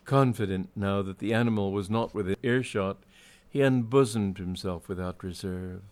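A man's voice: lowish voice, normal speed, darkish tone. Man narrating a comic story drily.

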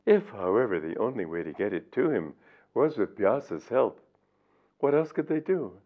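Older man, low voice, tinny recording. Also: very animated, moderate pace. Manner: storytelling, reflective. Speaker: spiritual teacher. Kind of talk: reading and commenting on his book.

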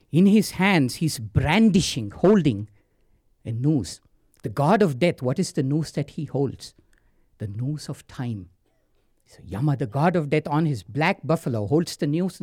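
A man's voice: mid-range voice, dark tone, husky. A man telling a story dramatically, dropping to whispers and speaking to the listener.

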